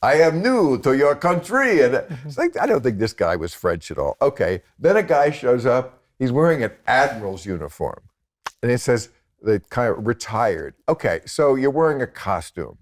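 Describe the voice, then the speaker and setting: A man's voice: medium pitch, sing-song, moderate pace. An American man in his sixties, a comedian talking as a guest in casual chat, sardonic and profane, with laughing asides.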